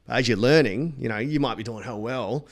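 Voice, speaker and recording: A man's voice: medium pitch, fairly quick. A young Australian man, a comedian, telling blunt, sweary stories in casual chat. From Perth, Western Australia. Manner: blunt, sweary, animated storyteller. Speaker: comedian guest.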